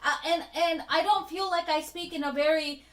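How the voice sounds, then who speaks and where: A woman who grew up speaking Spanish, co-hosting a casual podcast in an animated, opinionated way. Her voice sits high. The room around her is echoey. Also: normal speed. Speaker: podcast co-host. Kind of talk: casual chat.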